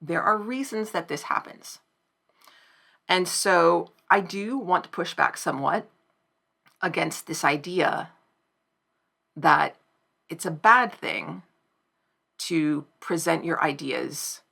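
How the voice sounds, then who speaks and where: A woman giving reflective commentary to camera, thoughtful and measured, pausing now and then to find the right words. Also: fairly low pitch, gravelly, pushed and bright. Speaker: video essayist.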